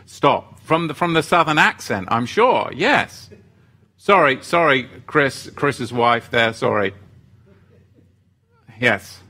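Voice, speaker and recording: A man's voice: mid-range voice, expressive, slow pace, bright, forceful tone. A man hosting a faith-themed livestream, chatting casually and reading out viewer comments in a loose, self-deprecating way, often trailing off mid-sentence. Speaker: livestream host of a faith show.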